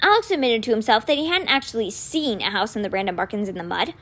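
A woman reading a children's novel aloud with expressive storytelling. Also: a little high, fast talker. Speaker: reader.

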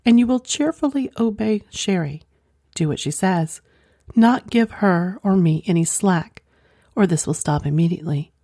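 A commanding wife who lays down the rules in a firm, instructing way, read by a woman narrator. The voice is low and mellow and recorded close and dry. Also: animated, moderate pace, no room sound.

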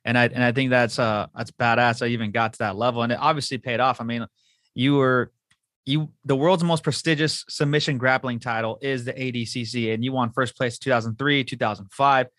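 A man's voice: medium pitch, steady tone, fairly quick, fairly bright tone, no echo, studio quality. A man hosting a podcast, talking casually and enthusiastically with his guest. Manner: casual, enthusiastic, loose phrasing. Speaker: podcast host. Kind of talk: podcast interview.

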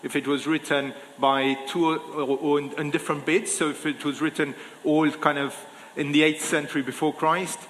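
Preacher, male, slightly high voice, casual delivery with restarts, long hall echo. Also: flat delivery, normal speed, a bit bright, slight background noise. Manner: informal, thinking aloud with many fillers and restarts. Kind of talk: sermon.

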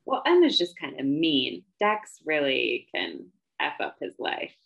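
A woman co-hosts a relaxed book podcast, and her voice carries a gravelly fry. The recording sounds dull and lo-fi. She talks in an animated, emphatic way that rises steeply when she is worked up. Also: low-pitched, measured pace. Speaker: podcast co-host. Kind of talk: casual book-discussion chat.

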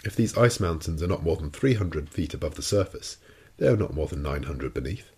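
A man's voice: extremely low pitch, expressive, fairly quick, darkish tone, slightly rough, exaggerated voice. A man voicing a proud, cool-headed sea captain in an audiobook, speaking with dry irony and total confidence. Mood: assured. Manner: ironic and cold, unshakably confident. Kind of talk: audiobook character reading.

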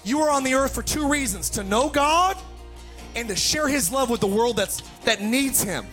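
A man preaching a fired-up sermon to his church, swinging from hushed passages to shouted ones. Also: extremely high pitch, expressive, normal speed, faint music behind. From United States. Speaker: pastor.

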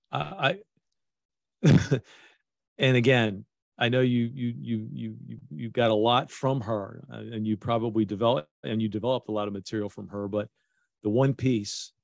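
A man's voice: fairly low pitch, creaky, no room sound, clean studio sound. A male podcast host from Baltimore, earnest and hesitant, full of ums and restarts while chatting with a guest. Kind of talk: casual interview chat.

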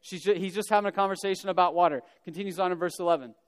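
A man's voice: high-pitched, steady tone, very fast, smooth. A man preaching a sermon, telling the story conversationally with casual humorous asides. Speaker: pastor. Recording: long reverb of a large hall.

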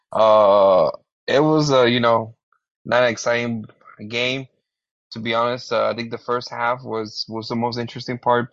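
A man co-hosts a soccer podcast and recaps a game in a measured way, with plenty of fillers. His low voice is gravelly. The recording is dull and lo-fi, with a dry sound. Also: no room sound. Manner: measured, hedging, filler-heavy. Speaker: podcast co-host, soccer reporter. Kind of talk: casual chat.

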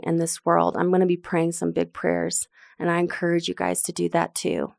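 A woman's voice: fairly low pitch, vocal fry, a little mellow, no echo, clean studio sound. A woman preaching a sermon to her church, earnest and emphatic, repeating phrases for stress. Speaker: pastor.

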